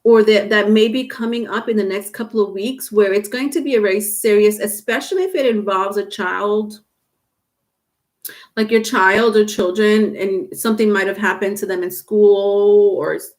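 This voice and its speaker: A woman's voice: medium pitch, normal speed. A woman giving a casual live tarot reading, talking chattily and teasing her viewers, breaking into laughter often. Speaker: tarot reader.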